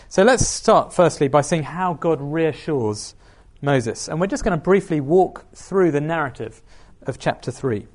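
A man's voice: fairly high pitch, lively intonation, unhurried, hardly any pauses. A man preaching a sermon, reading scripture aloud and asking the listeners questions.

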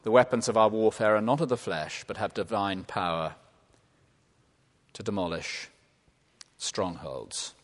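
A man from England preaching a sermon, lively and humorous, then dropping to quiet, earnest tones. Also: lowish voice, measured pace, long pauses. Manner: animated, playful asides and laughter, drops to quiet earnest tones. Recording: long reverb of a large hall.

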